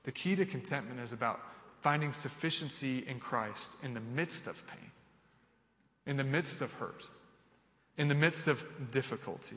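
A man preaching a sermon with animated delivery, acting out imagined dialogue and building to emphatic, rising lists. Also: mid-range voice, in a large hall. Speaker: pastor.

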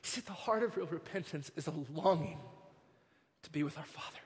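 A man preaching a sermon as pastor, moving between hushed storytelling and impassioned, near-shouted preaching. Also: fairly high pitch, fairly quick, big-room sound.

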